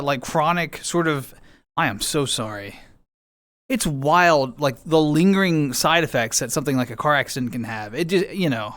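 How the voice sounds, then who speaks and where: A man streaming from home chats casually with viewers and reads their messages. His voice is a little high and a bit bright, and he's playful and chatty with bouncy intonation.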